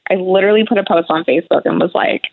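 A woman's voice: fairly low pitch, steady tone, racing, vocal fry. Woman talking candidly on tinny radio audio. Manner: candid, conversational, many fillers. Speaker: guest sharing her cancer story. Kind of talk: emotional interview conversation.

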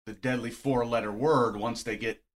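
A man making brief, quiet remarks in a casual chat. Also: mid-range voice, steady tone, moderate pace.

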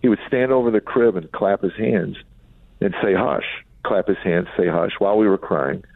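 A middle-aged man from Chicago with a very low, gravelly voice tells candid family stories with a wry, reflective edge. He comes through a narrow, tinny phone line, dry and close. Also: moderate pace, no room sound. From Chicago, USA. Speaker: comedian and author, guest. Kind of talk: candid storytelling in an interview.

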